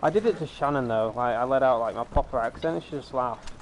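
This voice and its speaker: A man's voice: medium pitch, fast, background noise. Rambling male gamer on a headset mic. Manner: rambling, lots of fillers and restarts. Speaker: gaming streamer. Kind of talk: casual chat over gameplay. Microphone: gaming headset.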